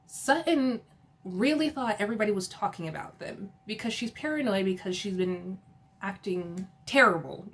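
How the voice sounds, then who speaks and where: A woman recapping a reality show for her channel in a loose, chatty way. She laughs often and leans on filler words as she runs through what happened. Her voice sits at a middle pitch for a woman. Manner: chatty, giggly, filler-heavy. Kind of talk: casual episode recap.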